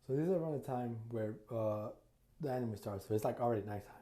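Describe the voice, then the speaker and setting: A man with a very dark, mellow voice at a middle pitch loosely tells an imagined story. He rambles casually, stumbling through fillers and false starts as he goes. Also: fast talker. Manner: rambling, loose retelling with many fillers and restarts. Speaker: YouTuber. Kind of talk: casual fan-fiction storytelling.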